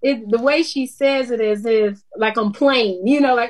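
A TV news anchor talks about herself in an interview, down to earth and quick to laugh. Her woman's voice sits fairly high. She speaks in a loose, chatty way. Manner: laughs often, lively and down to earth. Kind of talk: casual interview chat.

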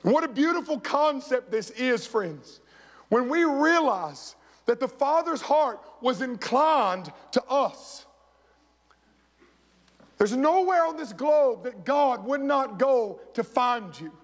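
Speaking slowly in a very high voice with lively intonation, a man preaches from the pulpit of a church sanctuary. He is a storytelling preacher who acts out the voices of the people in his tales, and the hall rings with echo.

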